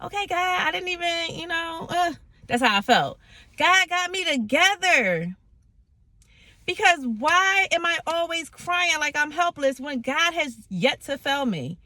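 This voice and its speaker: A woman telling a personal faith story in a casual, animated way, acting out the voices in it and laughing at herself. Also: very high voice, measured pace, no room sound. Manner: animated, dramatic, acts out voices in her stories; laughing, self-mocking. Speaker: vlogger sharing a faith testimony.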